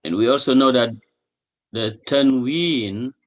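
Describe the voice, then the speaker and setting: In this low-fidelity recording, a man with a mid-range voice teaches Arabic at an unhurried pace. He explains things patiently, repeats every example, and checks whether the listener follows with a questioning "hmm?".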